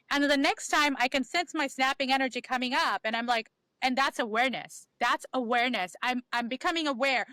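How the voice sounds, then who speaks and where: A woman's voice: high-pitched, lively intonation, fairly quick, bright, forceful tone, no echo. A woman talking as a podcast guest, giving emphatic advice that repeats key phrases and acts out inner dialogue. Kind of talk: animated conversational advice.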